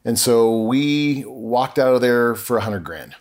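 A middle-aged podcast guest speaks in an animated, medium-pitched voice with a darkish tone, keeping a measured pace. He earnestly shares a personal story and dramatizes the conversations he remembers.

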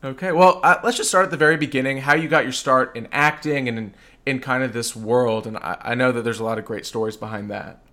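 A man's voice: mid-range voice, fairly even intonation, fast talker, sharp tone. A man hosting a podcast interview, eager and enthusiastic, often restarting his sentences. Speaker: podcast host. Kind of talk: casual interview.

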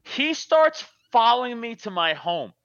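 A man's voice: very high voice, big pitch swings, unhurried, a bit bright, smooth, no echo, muffled recording. A man telling a profane, laughing story in casual chat.

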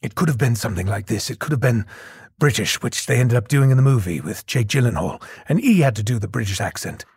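Lively, gravelly man telling stories. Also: mid-range voice, quick pace, no room sound, clean studio sound. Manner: animated storyteller, many restarts. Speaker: guest voice actor. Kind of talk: casual interview chat.

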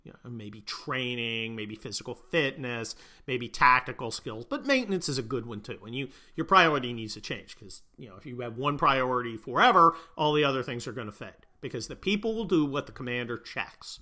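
A man giving opinionated casual commentary, blunt and crude with joking asides, swinging from loud bursts to muttered remarks. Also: medium pitch, expressive, a little fast, few pauses.

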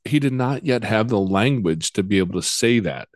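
A man hosting a casual interview, talking in a relaxed, halting way and often repeating his words. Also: lowish voice, dry recording, studio quality. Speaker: podcast host.

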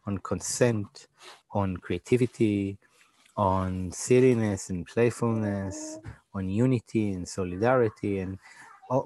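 A man's voice: on the low side, warm tone, dry recording. A young man answering interview questions, often searching for words and restarting his phrases. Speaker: interview guest, digital community organizer.

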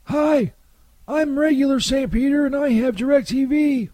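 A man playing a bumbling Saint Peter in a comedy sketch, stammering and quick to take offence. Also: extremely high pitch, noisy background. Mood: flustered. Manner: stammering, hesitant, touchy.

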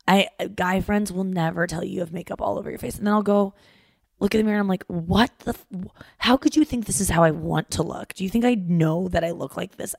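A podcast host in her thirties has a creaky, mid-range voice, captured on a dry recording. In a casual chat she tells animated stories, using lots of fillers and voicing the quotes.

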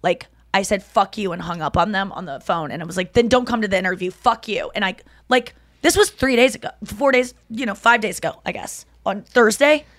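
This podcast host, a woman in her thirties, talks at a medium pitch, a little fast and with few pauses. Her casual chat is full of animated storytelling in which she voices the quotes of the people she describes. It's recorded close to the mic in a dry, echo-free room.

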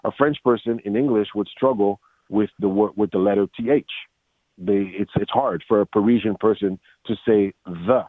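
A man's voice: on the low side, moderate pace, no room sound. A man in a casual interview, telling stories animatedly and acting out quotes, with many restarts. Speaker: voice actor guest. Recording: dry tinny phone-like line.

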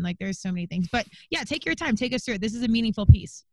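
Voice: medium pitch, lively intonation, quick pace, a little mellow, dry recording. A podcast host in casual chat, eager and encouraging toward the guest.

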